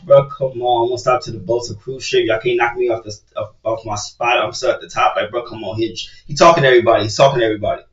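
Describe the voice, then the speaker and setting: A man's voice: medium pitch, steady tone, fast talker, few pauses, fairly bright tone, far from the mic. Play a hyped man reacting in an echoey room. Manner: hyped and profane, repeats "bro, come on". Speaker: reaction video host. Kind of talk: casual reaction commentary. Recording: roomy, dull sound from away from the mic.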